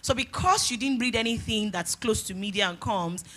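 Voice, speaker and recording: Bright-voiced woman giving advice. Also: on the high side, normal speed. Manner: earnest, direct advice with spoken fillers. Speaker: guest speaker. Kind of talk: conference talk giving career advice. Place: conference stage before an audience.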